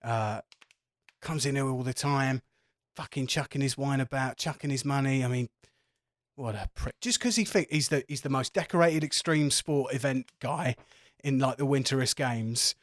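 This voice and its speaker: A man's voice: mid-range voice, normal speed, dry recording, clean studio sound, lightly acted. A man doing a sweary, gossipy barman. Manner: swears a lot and chats loosely.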